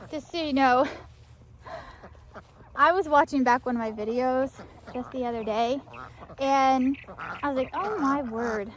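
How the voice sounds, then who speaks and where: Woman, farm vlogger, bright high voice, half-yelling into a phone camera outdoors. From Florida. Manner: half-yelling to be heard without a mic. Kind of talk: casual vlog narration. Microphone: phone camera, no external mic.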